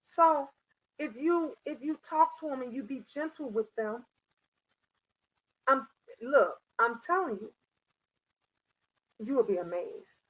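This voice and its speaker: A woman's voice: high voice, takes it slowly, long pauses, poor audio. A middle-aged woman, hosting a livestream and giving parenting advice in a preachy, repetitive way while answering chat. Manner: preachy, repeats lines for emphasis, reads chat names. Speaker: livestream host. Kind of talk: casual live-chat monologue.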